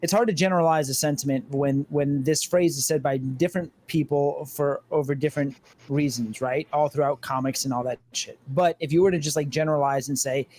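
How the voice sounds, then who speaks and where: A man's voice: a little high, fairly even intonation, brisk, a little mellow. Emphatic, swearing man on a podcast. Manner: emphatic, argumentative, swears freely. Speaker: podcast co-host. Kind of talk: casual podcast chat.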